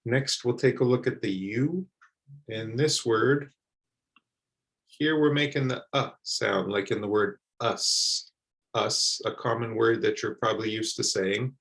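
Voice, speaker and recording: Slow, gravelly male pronunciation teacher. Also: mid-range voice, steady tone, fairly bright tone, poor audio. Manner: repeats words slowly and carefully for learners. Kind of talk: slow, deliberate pronunciation lesson.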